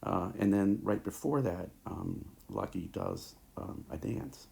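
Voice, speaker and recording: A man teaching a recorded lecture over slides, talking haltingly with many fillers and restarts, into a tablet mic. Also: deep voice, lively intonation, gravelly, a little mellow.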